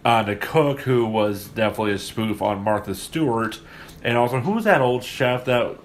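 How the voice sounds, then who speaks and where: A man's voice: medium pitch, expressive, moderate pace, slight background noise. A man hosting a casual movie podcast, rambling with many fillers and restarts, recorded at someone's home. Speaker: podcast host. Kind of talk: casual movie review chat. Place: guests' home, remote location.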